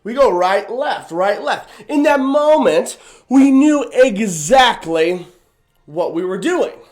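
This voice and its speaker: A man hosting a motivational livestream, energetic and hyped, repeating chants and leading viewers through stretches and movements. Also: high-pitched, slow pace, faint music behind.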